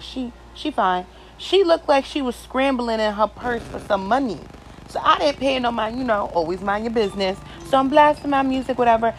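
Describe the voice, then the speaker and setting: A woman hosting a podcast, telling a story in a casual, animated and crude way, with plenty of swearing. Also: a little high, slight background noise, rough recording. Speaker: podcast host.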